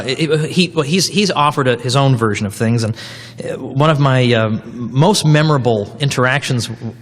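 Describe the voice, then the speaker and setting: A middle-aged man lectures in a loose, conversational way, often breaking off and restarting his sentences. His voice sits at an ordinary middle pitch. A long reverb from the lecture hall trails behind him. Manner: digressive, conversational, with frequent restarts. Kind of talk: university lecture.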